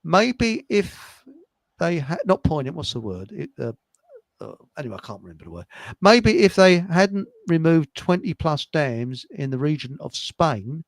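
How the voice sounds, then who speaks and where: A man's voice: fairly high pitch, sing-song, unhurried, no room sound. An English man co-hosting a casual live stream, reading out listener comments with jokes and trailing mumbles. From England. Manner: jokey, chatty, trails off into mumbles.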